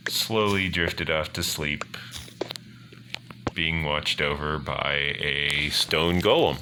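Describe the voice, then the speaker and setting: A man hosting a gaming channel who tells a story casually, rambling and hesitant with fillers. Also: sits low. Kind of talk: casual storytelling over gameplay. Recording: home recording with background noise and clicks.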